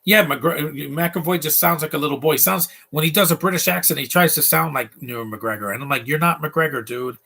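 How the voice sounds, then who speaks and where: A man's voice: on the high side, fairly quick, gravelly, few pauses, bright, forceful tone, breathy edge. A man giving casual, opinionated live commentary while watching a movie, ranting freely.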